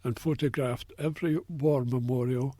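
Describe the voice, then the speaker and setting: A man's voice: medium pitch, steady tone, moderate pace, warm tone, dry recording. An older man with a Scottish accent, telling stories in a casual radio interview, with a chatty manner full of fillers. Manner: chatty, anecdotal, many fillers. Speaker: interview guest, local war researcher.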